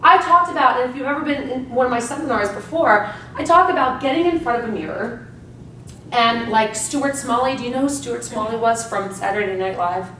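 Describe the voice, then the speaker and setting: A woman's voice: a little high, brisk. Emphatic woman speaker in echoey room. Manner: emphatic, energetic, keeps asking "right?". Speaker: motivational speaker. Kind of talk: live seminar talk. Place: seminar room with an audience. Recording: echoey room, distant mic, faint background hum.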